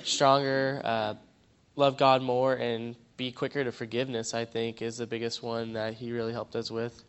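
Nervous man with a smooth voice. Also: mid-range voice, flat delivery. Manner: halting, with many fillers and restarts. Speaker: church member giving a testimony. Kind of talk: personal testimony in church.

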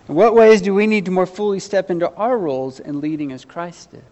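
An earnest male pastor delivering a sermon, speaking in a slightly higher register. He addresses his listeners directly with searching questions and pokes fun at himself. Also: animated, fairly quick, darkish tone, highs cut off. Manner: self-deprecating humor.

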